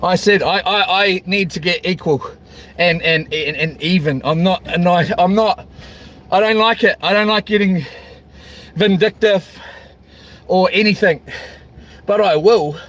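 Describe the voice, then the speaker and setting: A man's voice: high-pitched, a little slow, long pauses, fairly bright tone. A middle-aged man with a New Zealand accent, vlogging casually, frustrated, stumbling and repeating himself as he talks. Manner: frustrated, repetitive, stumbling restarts. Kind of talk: casual vlog rant.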